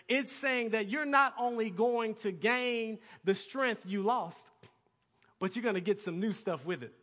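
A pastor preaching a sermon, calling on the congregation to answer and building to excited peaks. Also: male voice, sits high. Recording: long hall reverb.

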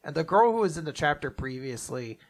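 A man co-hosting a casual manga discussion, retelling chapters loosely with profanity and quick character voices. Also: fairly high pitch, sing-song. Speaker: podcast co-host. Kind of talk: casual manga recap chat.

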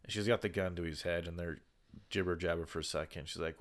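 A man co-hosting a casual podcast, retelling a movie's plot with lively, sarcastic commentary and acted-out quotes. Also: low voice, fast. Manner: animated storyteller, acts out quotes, sarcastic. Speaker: podcast co-host. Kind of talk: casual movie recap chat.

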